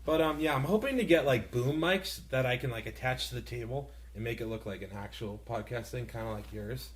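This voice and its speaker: A man's voice: medium pitch, brisk, slight background noise. A young man hosting a casual podcast on a handheld mic, rambling and laughing often. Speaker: podcast host. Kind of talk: casual chat.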